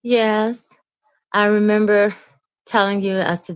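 A woman guest, the host's mother, recalling events in a calm, reassuring, measured way. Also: on the low side, dry recording, muffled recording. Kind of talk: reflective conversation.

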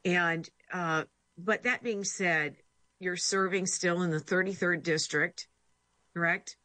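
Bright-voiced woman host, dry sound. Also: on the low side, fairly even intonation, takes it slowly, dry recording. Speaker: interview host. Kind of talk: remote news interview.

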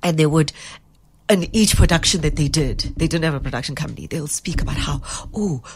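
Brief: South African actress, deep husky low voice with gravelly fry, lively and laughing. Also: female voice, a little fast, noisy background. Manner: animated, laughing, mixes in Zulu phrases. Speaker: actress, interview guest. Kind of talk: casual interview chat.

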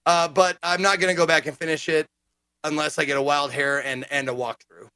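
A man chatting casually as a gaming podcast co-host, animated and profane, acting out quotes as he tells stories. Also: fairly high pitch, fairly quick, clean tone. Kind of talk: casual chat.

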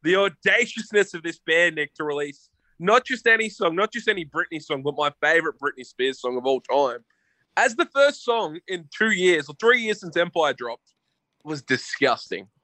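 A man co-hosting a podcast in casual chat, excitable and swearing, often calling his co-host by name. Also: a little high, moderate pace, no room sound.

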